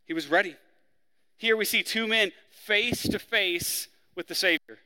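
A man preaching a sermon, acting out the criminals' words in a raised, forceful voice. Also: measured pace, clean tone, big-room sound. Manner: preaching, acts out the criminals' lines with rising pitch and force. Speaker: pastor.

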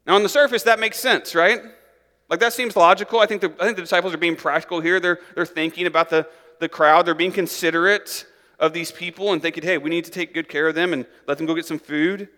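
A male pastor with a bright, forceful, slightly high voice gives a relaxed, chatty sermon. He talks to the congregation like friends and slips into lively acted voices for the people in the story. His voice carries a long hall reverb. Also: fast. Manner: animated, acts out the disciples' voices in a higher, louder pitch; conversational, many "like" and "right?" asides.

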